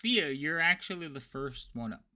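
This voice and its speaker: Bright-voiced male game master. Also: fairly high pitch, lively intonation, normal speed. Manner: explains rules in a loose, chatty way. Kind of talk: running a tabletop game, casual.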